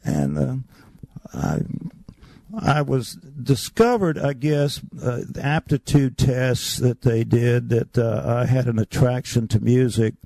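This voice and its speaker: Older guy telling old stories, gravelly and mellow, dry sound. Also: medium pitch, fairly even intonation, slow pace, no room sound. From North Carolina. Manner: reminiscing, acts out the voices in his stories. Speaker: guest. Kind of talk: storytelling interview.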